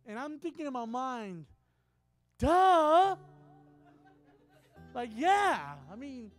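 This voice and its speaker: A man who is a traveling minister, telling a story in a sermon with animated, acted-out dialogue. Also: very high-pitched, moderate pace, soft background music.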